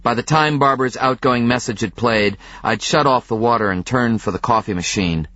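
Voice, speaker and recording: Male narrator for a first-person thriller audiobook, measured and tense, dry close sound. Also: mid-range voice, sharp tone, no echo, lo-fi sound.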